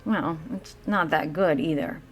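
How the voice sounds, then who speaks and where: A woman voicing an impatient, bossy pig farmer who talks in a brisk, raised voice. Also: low-pitched. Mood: upbeat.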